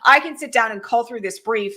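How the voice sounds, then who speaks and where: A woman's voice: fairly high pitch, fairly quick, bright, forceful tone. A middle-aged woman hosting a political livestream, talking urgently and directly and asking the audience rhetorical questions. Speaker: political commentator and host. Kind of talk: livestream commentary.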